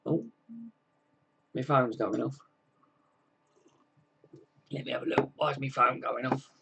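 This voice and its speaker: A man's voice: on the high side, darkish tone, slightly rough, dull audio. Chatty man hosting a livestream. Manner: chatty, friendly, lots of fillers and "mate". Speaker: livestream host. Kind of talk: casual livestream chat, reading viewer comments. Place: at home.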